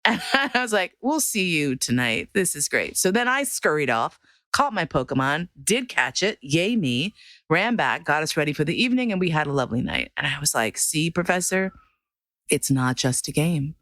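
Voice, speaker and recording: A woman's voice: moderate pace, dry recording, clean studio sound. A woman telling a personal story in a casual monologue, acting out the people she quotes and swearing now and then. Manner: animated, swears freely, acts out quoted voices with big pitch jumps. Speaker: podcast host telling a story.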